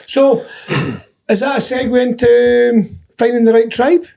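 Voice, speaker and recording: A man's voice: very high voice, slow pace, gravelly, darkish tone. A man with a Scottish accent co-hosting a podcast, chatting casually with plenty of jokes and laughter. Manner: jokey, laughs often, chatty storytelling. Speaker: podcast co-host. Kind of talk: casual banter.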